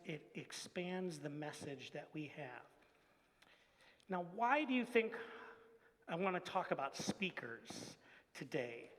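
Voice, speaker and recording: High-voiced pastor in a reverberant church. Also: male voice, a bit bright. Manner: friendly, asks children questions. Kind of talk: children's message in church. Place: church sanctuary. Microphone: handheld microphone. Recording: long reverb of a church hall.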